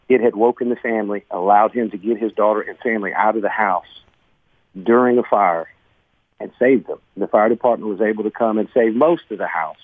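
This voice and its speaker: A middle-aged man talks earnestly through his own story, often saying "man" and "bro." His voice sits a little low. It comes through a thin, phone-like line in a dry space. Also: no room sound. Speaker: guest, business owner. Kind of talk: conversational interview storytelling. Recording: tinny phone-like sound.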